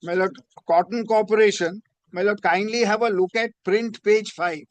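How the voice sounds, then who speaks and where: A man's voice: high voice, steady tone, normal speed, no room sound. A man arguing before a judge in a courtroom, deferential and formal, inserting "my lord" into nearly every phrase. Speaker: advocate.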